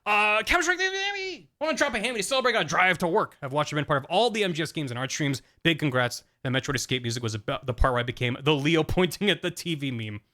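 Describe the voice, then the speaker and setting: A man's voice: a little high, lively intonation, fast, hardly any pauses, bright, forceful tone. A man streaming and chatting casually about his own video, rambling with fillers and self-deprecating asides. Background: faint music.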